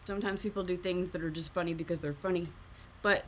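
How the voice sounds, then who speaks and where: A woman's voice: on the low side, fairly even intonation, fast, a little hiss or hum. A woman hosting a live art stream, chatting casually while teaching drawing and often laughing at herself.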